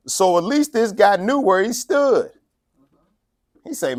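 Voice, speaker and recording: A man's voice: high voice, very animated, takes it slowly, long pauses, darkish tone, dry recording, studio quality. A man preaching a casual, joking sermon, laughing often and acting out the people in his story. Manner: folksy and joking, laughs often, acts out quotes. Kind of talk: conversational sermon.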